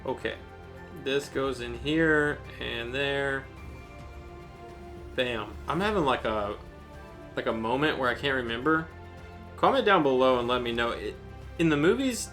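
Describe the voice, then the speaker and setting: A man hosts an unboxing video with a bright, forward tone, rambling happily from one thought to the next. He gushes over everything in an excited, informal way, and faint music plays softly underneath. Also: mid-range voice, slow pace, long pauses. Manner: enthusiastic, rambling, gushing. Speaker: unboxing channel host.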